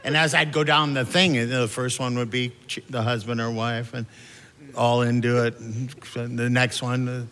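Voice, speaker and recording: A man performing a stand-up routine with wry, deadpan family stories and lively mimicry of his relatives. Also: medium pitch, normal speed. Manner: wry, deadpan storytelling that jumps into family voices. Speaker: stand-up comedian. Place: large theater stage with a laughing audience. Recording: long hall reverb, clear audience noise.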